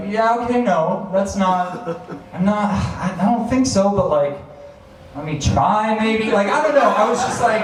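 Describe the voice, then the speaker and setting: A man in his thirties tells a personal story to a live audience, acting out his own past thoughts with chuckles. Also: high-pitched. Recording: very echoey, distant, faint hiss.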